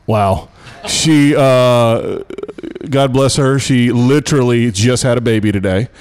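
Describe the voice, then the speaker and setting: A man's voice: medium pitch, takes it slowly, a little mellow, clear, resonant tone. Joking man hosting a podcast. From Pittsburgh area. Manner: joking, rambling questions. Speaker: podcast host and college tennis coach. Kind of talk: casual podcast chat.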